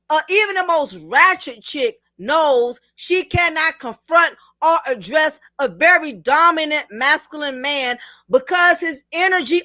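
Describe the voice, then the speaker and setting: A woman's voice: sits high, pushed and bright, dry recording, studio quality. A married woman hosting a livestream, reading viewer comments and giving blunt, preachy commentary straight to the camera. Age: adult, married. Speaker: livestream host.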